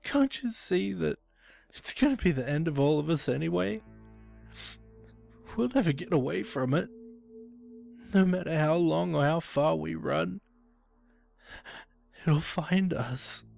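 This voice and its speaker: A man's voice: a little high, expressive, a little slow, gravelly, pauses often, a little mellow, soft background music, pitched above the performer's own voice, exaggerated voice. A man voicing a frightened, unhinged young man who stammers and pleads, in a creepypasta reading. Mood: desperate. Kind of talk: creepypasta narration.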